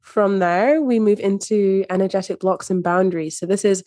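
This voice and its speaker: A woman's voice: medium pitch, steady tone, normal speed, warm tone, dry recording, studio quality. A woman guesting on a podcast as a mindset coach, talking in an upbeat, earnest way with casual swearing.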